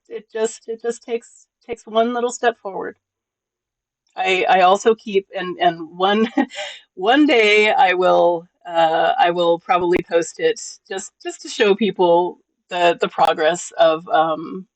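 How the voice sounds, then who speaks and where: A live streamer in casual chat with viewers, gentle and encouraging, often repeating words at the start of sentences. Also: mid-range voice, dry recording, poor audio. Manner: emotional, gentle.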